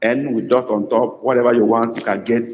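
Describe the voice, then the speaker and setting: Man teaching slowly, echoey room. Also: medium pitch, steady tone, a little mellow, dull audio. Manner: slow, repeated dictation of phrases, encouraging students by name. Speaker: language teacher. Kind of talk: live online lesson. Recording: echoey room with long reverb.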